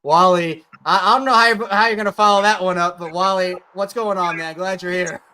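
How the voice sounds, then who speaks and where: A man hosting a casual sports fan call-in stream, chatty and quick to laugh. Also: sits high, steady tone, bright, forceful tone, a little hiss or hum. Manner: chatty, laughs often, repeats himself. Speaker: host of a fan call-in show. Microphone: streaming setup.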